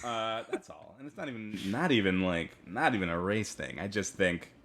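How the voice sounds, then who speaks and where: A man's voice: fairly low pitch, animated, normal speed, gravelly, a bit bright, a little hiss or hum. A man in his thirties co-hosting a comedy podcast, chatting casually with dry, self-deprecating humor. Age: 30s. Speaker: podcast co-host.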